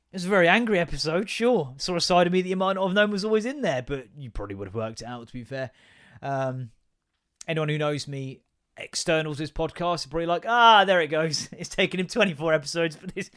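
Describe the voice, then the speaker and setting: Sweary man, higher voice. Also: fairly bright tone. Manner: sweary, chatty, laughs often, jumps between rants. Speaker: podcast host. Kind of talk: solo casual podcast rant.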